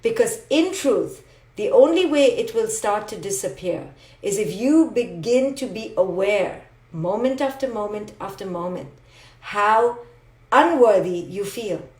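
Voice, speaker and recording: A woman's voice: medium pitch, expressive, measured pace, a little mellow, reverberant. A woman psychologist giving a live motivational talk, emphatic and repetitive, speaking directly to her listeners. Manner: emphatic, repetitive, direct address with acted asides.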